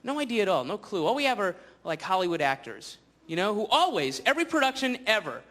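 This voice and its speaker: A man doing stand-up comedy on stage before a live audience, rambling and sardonic, slipping into quick voices. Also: sits high, big pitch swings, bright, forceful tone. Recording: live stage with noisy crowd.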